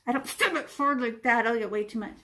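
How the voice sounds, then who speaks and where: A woman's voice: fairly high pitch, fast talker, pushed and bright. Playful woman teaching kids to paint. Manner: chatty and playful, with sound effects and little voices. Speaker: art teacher. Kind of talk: step-by-step painting lesson for children.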